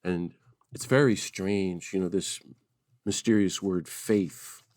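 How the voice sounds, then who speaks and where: A man, a priest and activist, telling stories on a podcast as a guest, lively and laughing as he goes. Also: deep voice, slow pace, no echo, clean studio sound. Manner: lively storyteller who laughs and acts out quotes. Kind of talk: conversational storytelling.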